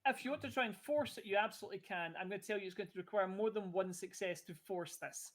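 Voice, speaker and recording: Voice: medium pitch, quick pace, slight background noise. A game master narrating a tabletop game in a loose, chatty way with many restarts.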